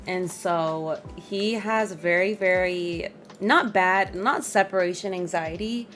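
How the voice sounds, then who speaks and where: A woman's voice: fairly low pitch, takes it slowly, a bit bright, soft background music. A woman streaming a game from home in casual chat, laughing often and talking to her dog and her viewers.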